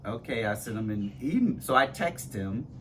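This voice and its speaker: Man, conversational podcast co-host, animated pitch, tells stories by quoting himself, porch chat with faint outdoor hum. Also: normal speed. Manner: thoughtful, storytelling, quotes himself in lively voices. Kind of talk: casual conversation.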